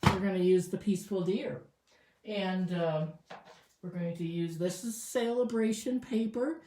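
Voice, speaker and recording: A woman with a fairly low voice walks through a craft project in a relaxed tutorial. She chats and thinks aloud as she works, and her voice carries some echo from the room. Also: unhurried. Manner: chatty, thinking aloud with fillers. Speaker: crafting demonstrator.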